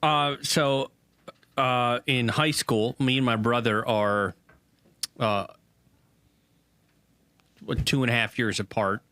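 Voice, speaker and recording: A man co-hosting a sports podcast, telling a rambling story full of pauses and fillers. His voice has a bright, forward edge. The recording is dry and close. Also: mid-range voice, fairly even intonation, dry recording. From Southern United States. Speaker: podcast co-host. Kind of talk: casual sports podcast banter.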